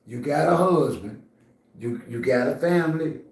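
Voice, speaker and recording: A man's voice: a little high, normal speed, darkish tone, echoey room. A man hosting a casual livestream, talking straight to his chat in a blunt, scolding, streetwise way. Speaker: livestream host.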